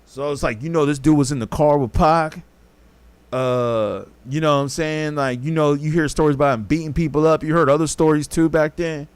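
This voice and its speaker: On a clean, room-free recording, this man's voice sits on the high side with fairly even intonation and a moderate pace. As a podcast host, he spins a casual, rambling, profane story, performing other people's lines.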